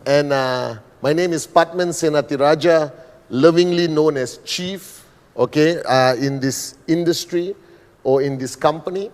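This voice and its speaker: Middle-aged Malaysian man, slightly high voice, deliberate sales presenter in a reverberant hall. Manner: slow, deliberate, with frequent "all right" and "okay". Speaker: business presenter.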